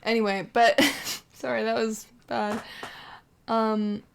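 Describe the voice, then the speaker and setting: A woman's voice: on the high side, level tone, slow, vocal fry, slight background noise. Chatty woman narrating her game. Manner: rambling, many fillers, chatty asides. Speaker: gameplay commentator. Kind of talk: casual game commentary.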